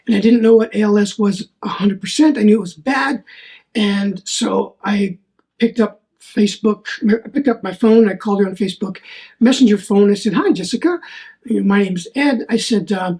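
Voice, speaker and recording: A man's voice: high-pitched, moderate pace, darkish tone. A man hosting a solo faith podcast, telling a personal story in an earnest, rambling way and often repeating his words. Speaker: podcast host.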